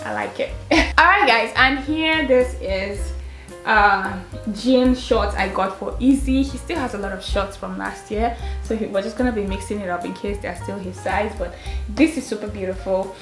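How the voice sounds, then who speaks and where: A woman's voice: mid-range voice, moderate pace, fairly bright tone. A young mother, gushing and laughing as she chats through a kids' clothing haul at home. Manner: chatty and gushing, laughing often. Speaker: mother and vlogger. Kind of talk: casual clothing haul chat. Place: her home. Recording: roomy sound with faint music.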